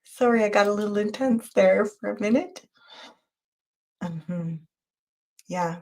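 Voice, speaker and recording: A woman hosting a live tarot reading show, talking to viewers in an emotional, intense, spiritual way. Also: medium pitch. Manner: spiritual, guiding talk with quick changes of loudness. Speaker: tarot reader and show host.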